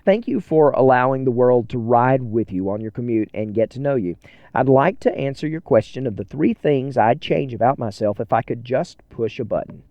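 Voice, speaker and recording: Here a podcaster drives and talks on his own, sincere and rambling, often at his own expense. His medium-pitched voice is animated and moves at a moderate pace, captured in a dry, muffled recording.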